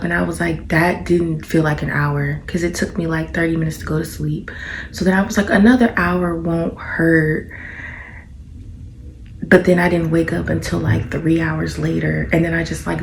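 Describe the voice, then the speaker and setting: Tired chatty young woman, gravelly voice. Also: fairly low pitch, echoey room, a little hiss or hum. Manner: chatty, dramatic and self-mocking, drops to whispers. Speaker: vlogger. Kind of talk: casual vlog chat. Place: indoors at home while painting.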